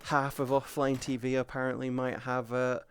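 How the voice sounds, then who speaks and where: A man's voice: mid-range voice, normal speed, soft background music. Swearing, chatty male streamer. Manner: swears a lot, animated storytelling. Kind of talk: casual chat.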